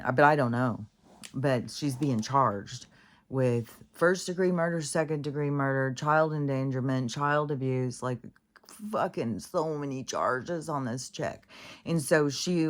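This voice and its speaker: A woman vlogger telling a story in a rambling casual monologue, with many fillers, restarts and blunt swearing. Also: extremely low pitch. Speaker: spiritual vlogger.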